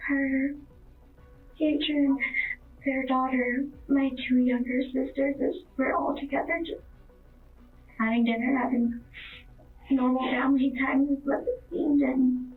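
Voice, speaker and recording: A woman's voice: high voice, fairly even intonation, a little slow, long pauses, soft background music. A young woman in her twenties, a witness in a police interview, talking in a hesitant, rambling way full of fillers. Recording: distant, tinny phone-like interview recording.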